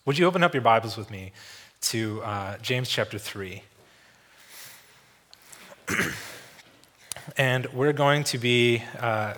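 A man's voice: mid-range voice, bright, forceful tone. A man preaching a sermon in a church, casual and conversational, with many fillers and restarts. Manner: tells a story, acting out the voices of the people in it. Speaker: visiting preacher.

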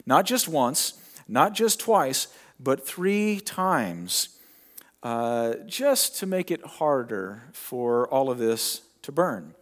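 A middle-aged male pastor preaching a sermon, retelling a story in a conversational way with dramatic pauses. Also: mid-range voice, big pitch swings.

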